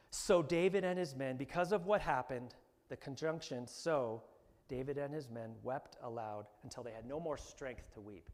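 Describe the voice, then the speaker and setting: Animated pastor in an echoing hall. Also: male voice, on the high side. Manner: animated, rising to emphatic bursts, acting out voices in quotes. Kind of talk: sermon. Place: church hall. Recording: long hall reverb.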